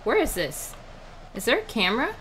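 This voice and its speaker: A woman giving horror game let's-play commentary, jittery and swinging from hushed muttering to frantic yelps. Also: a little high, wildly swooping pitch, moderate pace, slight background noise. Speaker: video game player.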